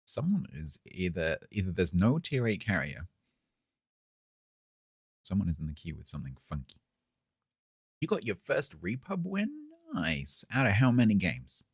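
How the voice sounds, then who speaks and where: A man casually chatting to his viewers while playing a game on a live stream, rambling in a relaxed way with chuckling asides. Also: sits low, moderate pace, pauses often, slightly rough, dry recording, studio quality.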